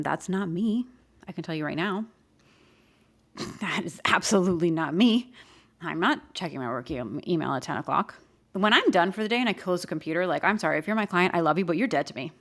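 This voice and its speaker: Animated woman podcast host. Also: fairly low pitch. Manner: animated, emphatic, laughs often. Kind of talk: casual advice talk.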